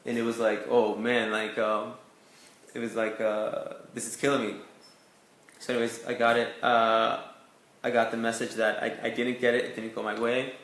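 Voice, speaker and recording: A man's voice: medium pitch, completely flat delivery, moderate pace, a bit bright, roomy sound. A young man from Canada, an actor telling his career story in a casual interview, full of "like" and "you know". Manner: chatty, lots of "like" and "you know" fillers. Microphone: video call.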